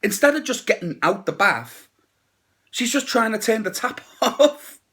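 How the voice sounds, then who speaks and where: A man's voice: sits high, sing-song, measured pace, a bit bright. A man giving a casual, blunt and crude horror movie review, with sarcastic asides.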